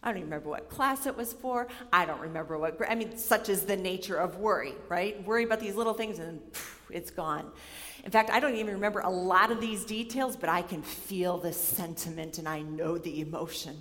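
A woman's voice: fairly low pitch, a little fast. Woman preaching in an echoing hall. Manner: animated storyteller, acts out her own worried voice. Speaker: speaker giving a chapel talk. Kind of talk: sermon with personal story. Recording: long hall reverb.

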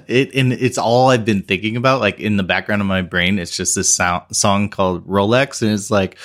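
Chill dude rambling on a podcast, goofy, lots of uh and um. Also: male voice, mid-range voice, moderate pace, fairly bright tone. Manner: playful, rambling, many fillers and restarts. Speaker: podcast co-host. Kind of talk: casual podcast chat.

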